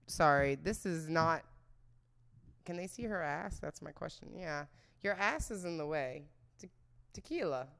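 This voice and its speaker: A young woman hosts a podcast in loose, crude chat, rambling from one thing to the next. Her voice sits a little low and comes across smooth and clear. When she quotes people she slides into mocking put-on voices. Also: lively intonation, a little slow, long pauses, a bit bright. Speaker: podcast host. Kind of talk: casual chat.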